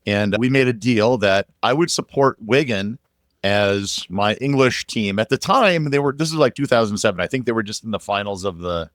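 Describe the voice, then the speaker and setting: A man's voice: fairly low pitch, lively intonation, normal speed, fairly bright tone, dry recording, clean studio sound. An American man hosting a podcast, telling rambling anecdotes full of fillers and restarts. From United States. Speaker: podcast host. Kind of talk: casual podcast conversation.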